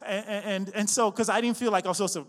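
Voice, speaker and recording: A man with a high voice preaching in a church hall, where his words ring out with a long reverb. He builds to loud, rising refrains, then settles into a chatty, halting storytelling tone. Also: fairly even intonation. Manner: slips into chatty storytelling with fillers and restarts. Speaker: pastor. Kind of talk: sermon.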